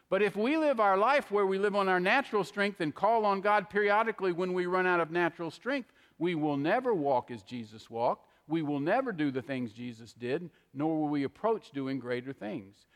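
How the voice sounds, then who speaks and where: A middle-aged man preaching a conversational sermon, often checking in with an "okay?". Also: high-pitched. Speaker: pastor. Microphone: handheld microphone. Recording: long hall reverb.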